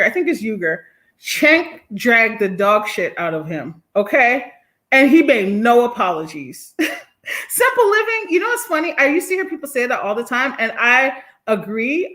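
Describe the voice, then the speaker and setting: A woman hosting a casual live stream, reading viewer comments aloud, blunt and animated, often laughing and swearing. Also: on the high side. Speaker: livestream host reading chat comments.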